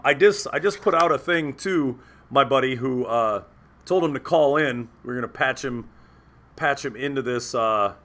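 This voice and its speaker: A man hosting a radio talk show, telling rambling, profane anecdotes in casual banter. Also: medium pitch. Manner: profane, rambling anecdotes with loud quoted outbursts.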